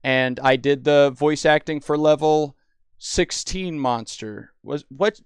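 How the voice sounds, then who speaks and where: Excitable rambling gamer man. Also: on the high side, takes it slowly, smooth, dry recording, clean studio sound. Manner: rambling, excitable, full of restarts. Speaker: gaming video host. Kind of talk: casual gameplay commentary.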